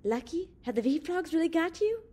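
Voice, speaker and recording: A woman voicing a small, excitable male sidekick in an audiobook, with high, agitated outbursts. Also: normal speed. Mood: alarmed.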